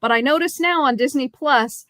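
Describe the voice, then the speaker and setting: A woman's voice: sits high, fairly bright tone, no echo. Analytical woman co-host, dry sound. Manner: informative, analytical, measured. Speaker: podcast co-host. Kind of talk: casual movie review chat.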